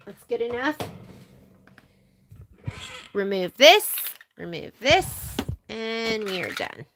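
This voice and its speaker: A woman's voice: mid-range voice, noisy background. A woman chatting as she runs a live machine embroidery demo in a sewing shop, thinking aloud while she works. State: coughing at times.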